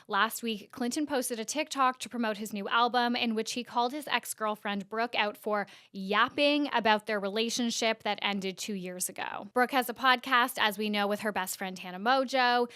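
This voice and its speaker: Woman, podcast host, chatty news recap, higher voice, crisp, dry close sound. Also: fairly bright tone, dry recording. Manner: chatty, fillers like "like" and "so anyways".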